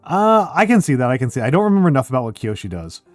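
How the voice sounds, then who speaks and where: A young man streaming, chatting casually with his viewers and thinking out loud, his voice scratchy because he is under the weather. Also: mid-range voice, sing-song, very fast, dry recording, soft background music. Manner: rambling, thinking out loud with fillers.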